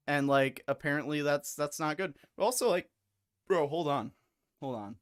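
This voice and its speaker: A man's voice: medium pitch, a little fast, no echo, studio quality. A young man hosting a live stream, chatting casually in a rambling, crude and slangy way. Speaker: streamer host.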